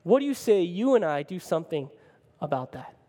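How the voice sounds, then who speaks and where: A man's voice: sits high, big pitch swings, fairly quick, dark tone, long reverb tail. A man voicing an eager, upbeat pastor in a sermon story. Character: eager, friendly male pastor.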